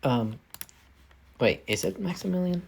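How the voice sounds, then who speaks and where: A man's voice: a little high, expressive, measured pace, vocal fry, slightly rough. A man narrating his own fan story casually, rambling and correcting himself often. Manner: rambling, self-correcting, many fillers. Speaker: fanfic storyteller.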